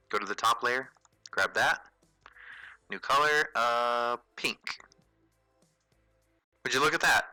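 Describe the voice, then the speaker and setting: Bright-voiced man casually talking through a drawing. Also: medium pitch, dry recording, poor audio. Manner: relaxed, chatty, thinks aloud with frequent fillers and self-corrections. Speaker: host of a drawing tutorial livestream. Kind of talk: casual livestream tutorial, narrating while drawing.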